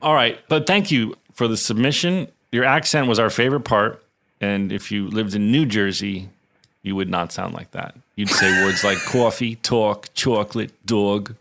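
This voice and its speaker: A man's voice: fairly low pitch, moderate pace, vocal fry, sharp tone, a little hiss or hum. A man co-hosting a podcast, chatting casually and teasing his friend with a laugh. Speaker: podcast co-host. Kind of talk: casual chat.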